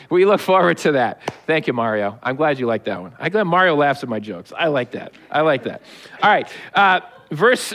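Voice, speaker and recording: A man in middle age with a notably high, light voice delivers a sermon. He is animated and jokey, addressing his congregation directly as a pastor. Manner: animated, joking, preaching to a live congregation.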